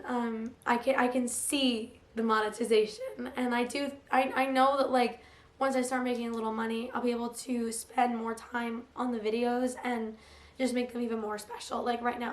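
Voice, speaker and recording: A young woman talks casually about books in a somewhat high voice, hoarse as it recovers. She is chatty and peppers her talk with "like." The room gives her voice a noticeable echo. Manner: chatty, lots of "like" fillers. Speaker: book vlogger. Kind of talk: casual chat. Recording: roomy echo.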